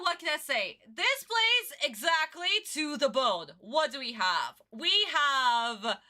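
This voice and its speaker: A woman streamer giving casual livestream reaction commentary in an animated, exclamatory way, swearing freely. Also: high voice.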